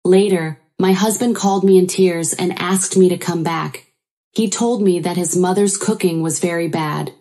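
A woman narrating her own story in the first person, in an even, plain storytelling manner. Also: fairly low pitch, normal speed.

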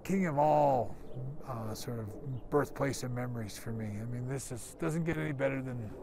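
Older canadian guy telling old family stories outside, gravelly voice, kinda rambly, faint noise behind. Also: medium pitch, steady tone, moderate pace. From Calgary, Canada. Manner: rambling, reminiscing with many restarts. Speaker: guest giving a tour. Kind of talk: casual storytelling.

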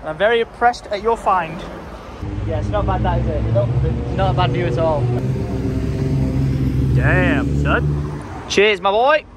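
A man's voice: sits high, measured pace, pauses often. A young man from England, cheerfully vlogging a road trip with his dad in a jokey, casual way. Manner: upbeat, jokey, swears casually. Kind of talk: casual travel vlog. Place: camper van and service stations. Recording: outdoor traffic noise.

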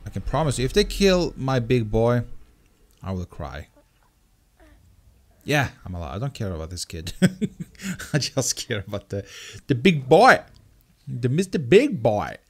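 A man doing let's play commentary, excitable and swearing, coaxing the creature on screen. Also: medium pitch, unhurried, long pauses. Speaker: gaming commentator.

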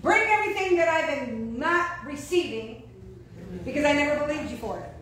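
A woman pastor preaching a sermon, animated and throwing questions out to her congregation. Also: high voice, moderate pace, echoey room, poor audio.

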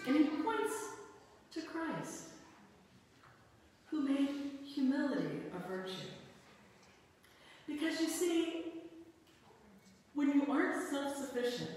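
A woman pastor giving a sermon, telling a personal story in a conversational, animated way. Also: sits high, slow, long pauses, a little hiss or hum. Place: church sanctuary. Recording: echoey church hall from far off.

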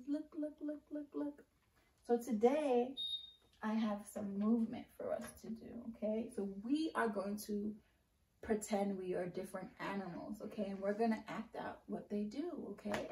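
Slow sing-song preschool teacher woman. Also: a little high, a little mellow, roomy sound, distant mic, slight background noise, rough recording. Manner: sing-song, encouraging, speaks slowly and clearly to children. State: out of breath. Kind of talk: online circle time lesson for young children.

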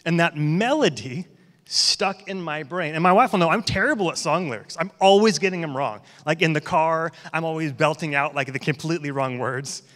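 Man, 30s, pastor, conversational joking sermon, higher pitch, long hall reverb. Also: normal speed, a bit bright. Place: church hall.

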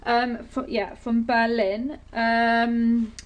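A young woman chatting to camera in a casual beauty vlog, bubbly and rambling, with quick asides. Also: a little high, flat delivery, background noise. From Britain. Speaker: beauty vlogger.

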